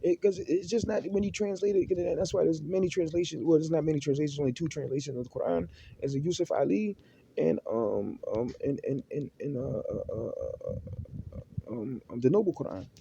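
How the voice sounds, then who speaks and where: A man talks quickly in a very dark, heavy voice. He gives unscripted religious advice, and his speech is halting, full of repeated words and fresh starts. Faint noise sits underneath his voice. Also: fairly high pitch, creaky. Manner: halting, with many restarts, repeated words and Arabic terms. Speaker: Muslim speaker giving religious advice.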